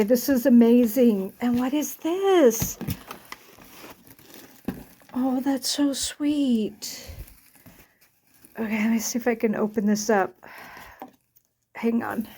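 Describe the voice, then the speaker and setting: A tearful woman talks through an unboxing in a slow, unhurried way. Her voice sits a little high and breaks with gasps and exclamations. She sounds choked up but delighted. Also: mellow, reverberant, recorded from a distance, slight background noise. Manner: gushing, emotional, exclaims and gasps often. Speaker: book and quilting vlogger. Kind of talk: casual unboxing vlog.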